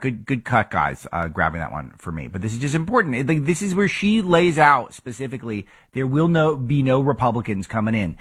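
A man's voice: medium pitch, lively intonation, a little fast, hardly any pauses, a bit bright, slightly rough. A man hosting a political talk show, giving emphatic commentary full of rhetorical questions.

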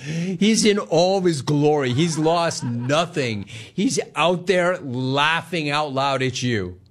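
Male sports radio host, slightly high voice, sarcastic and mocking. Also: animated, slow. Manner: sarcastic, mocking, laughing at callers. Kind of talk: sports talk radio monologue.

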